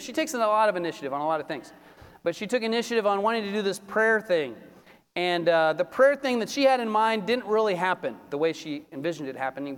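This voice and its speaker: A man preaching a sermon in a high, light voice, with long reverb from a church hall. He tells stories in a chatty, everyday way and lowers his voice when he prays. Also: clear, resonant tone. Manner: conversational storytelling, drops to a soft low voice in prayer. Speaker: pastor.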